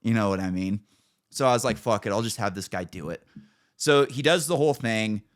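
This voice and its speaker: A middle-aged man with a hoarse throat, telling a profane story as podcast co-host. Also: fairly low pitch, brisk. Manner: profane storytelling, acts out quotes. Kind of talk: casual chat.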